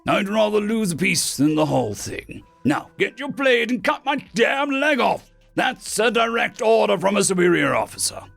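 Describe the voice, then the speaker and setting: A tough, stubborn army major, as a narrator puts him on barks sarcastic orders in a raised voice. A gravelly rasp sits on his words. Faint music runs under the audiobook. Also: high-pitched, expressive, normal speed, few pauses, pitched above the performer's own voice, heavily acted. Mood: gruff. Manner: barking, sarcastic commands. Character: gruff stubborn male human army major.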